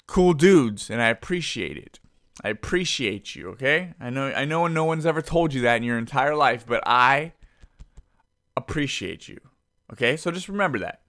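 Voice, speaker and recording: A young man rambles through a podcast intro in a goofy, self-deprecating way. His voice is bright and forward. The sound is close and dry, with no room around it. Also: a little high, no room sound. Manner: conspiratorial hushed teasing at the start. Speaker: podcast host.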